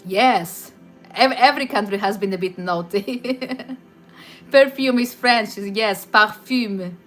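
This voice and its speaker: A woman's voice: mid-range voice, slow, faint music behind. Chatty Portuguese-accented woman hosting a livestream. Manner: chatty, frequent hesitations and restarts. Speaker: livestream host. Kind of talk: casual chat answering viewer comments.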